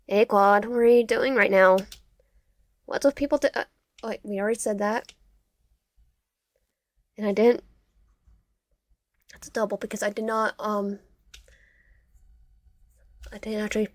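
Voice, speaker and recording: A young woman reading a visual novel game aloud with her own comments, halting and stumbling over words, correcting herself as she goes. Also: medium pitch, no echo.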